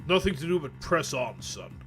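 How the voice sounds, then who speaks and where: A man voicing a gruff older male treasure hunter in a video game, with a low, hearty way of talking. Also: sing-song, moderate pace, music in the background. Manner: low, hearty, calls others "son".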